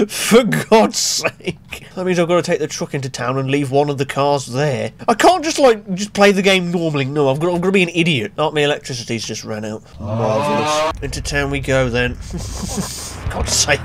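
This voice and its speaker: A man's voice: on the high side, a little fast. A young British man giving sarcastic, sweary commentary on his gameplay, talking back to the game and breaking into shrieks and laughter. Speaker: gaming YouTuber.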